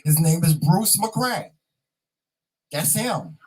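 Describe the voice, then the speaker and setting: A man from North Carolina, chatting casually on his vlog as host, repeating himself and sounding proud and excited. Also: fairly high pitch, takes it slowly, breathy edge, rough recording.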